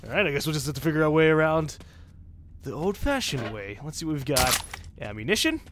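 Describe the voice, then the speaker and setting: A man giving casual, excitable gameplay commentary with swearing and chatty asides. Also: fairly high pitch, brisk, noisy background. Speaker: let's-play gamer.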